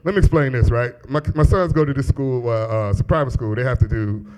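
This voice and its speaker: A man's voice: mid-range voice, quick pace, darkish tone, clean tone. A man in his thirties doing a loose, profane stand-up set in a small club, teasing the crowd and laughing at his own jokes. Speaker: stand-up comedian. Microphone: handheld stage mic.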